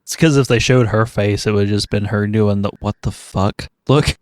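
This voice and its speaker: A man co-hosting a podcast, recapping a film's plot in a measured, deliberate way, with some swearing. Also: lowish voice, clean tone, no room sound, studio quality. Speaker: podcast co-host. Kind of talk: casual chat, recapping a film.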